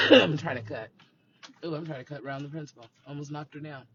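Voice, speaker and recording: A man's voice: on the high side, brisk. A man chatting on a livestream from a car, animatedly acting out the people in his stories. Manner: animated, acts out quoted dialogue. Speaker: livestream host and school staff member. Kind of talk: casual livestream chat and storytelling. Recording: slightly muffled phone audio, faint noise.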